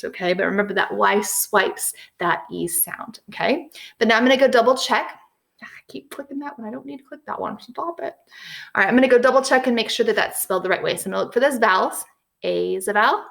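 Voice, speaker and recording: A woman teaching young children a phonics lesson, patient and encouraging, slowly sounding out letters and words. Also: a little high, vocal fry, a bit bright. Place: at home with a whiteboard.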